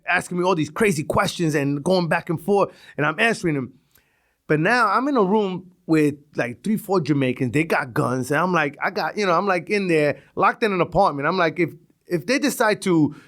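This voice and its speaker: A middle-aged man with a New York accent, a podcast guest telling stories in a casual, animated way and acting out street talk. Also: on the high side. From Brooklyn, New York. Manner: animated, acts out street dialogue, chuckles often. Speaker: podcast guest, retired police officer. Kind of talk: casual storytelling.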